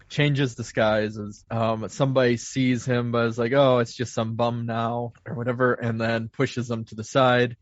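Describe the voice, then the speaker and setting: A man's voice: mid-range voice, dry recording. Podcast guy retelling a movie plot, rambling, dry close muffled sound. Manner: rambling recap with self-corrections and laughs. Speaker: podcast co-host. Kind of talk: casual plot recap.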